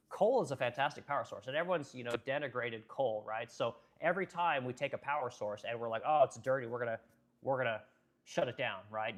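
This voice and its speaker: A man in a blunt, profane, unscripted commentary rant, reading out viewer comments as he goes. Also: medium pitch. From American Midwest. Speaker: political commentary streamer.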